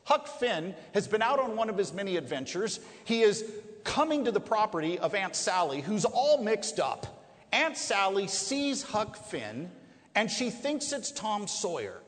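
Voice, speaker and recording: A man preaching from the front of a large hall, his voice sitting fairly high and swinging widely in pitch. He presses each point hard, poses rhetorical questions and draws out key words. The long reverb of the room trails every phrase. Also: sing-song, measured pace. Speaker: pro-life speaker. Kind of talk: preaching to a live audience.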